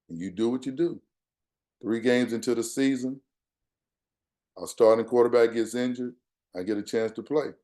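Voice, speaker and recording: A man's voice: medium pitch, dark tone. An older man from Texas, a guest speaker telling a personal story in an earnest, conversational way, quoting the people in it. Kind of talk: storytelling talk.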